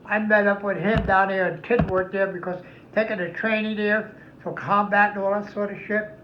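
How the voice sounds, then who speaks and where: A man's voice: sits high, little pitch movement, moderate pace, slight background noise. Older man telling profane war stories. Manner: rambling, heavily profane storytelling. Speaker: veteran interviewee. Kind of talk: oral history storytelling. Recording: echoey, somewhat muffled room recording.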